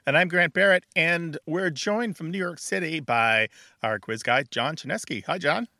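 Brief: wry male radio co-host, crisp bright tone, dry studio sound. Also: a little high, no echo. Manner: quick-witted, wry. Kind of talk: radio talk show hosting.

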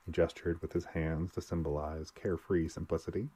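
A man narrating a story aloud in a steady, dry storytelling voice. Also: deep voice, a little fast, few pauses, slightly rough. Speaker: audiobook narrator. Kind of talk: scripted narration.

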